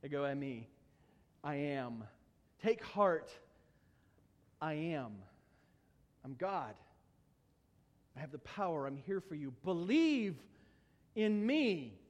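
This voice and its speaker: Jesus speaks softly and steadily, calm and reassuring, as a preacher voices him. The words hang in a long hall reverb. He is a gentle figure in a sermon. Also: on the high side, pitched below the performer's own voice. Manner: soft, slow, steady.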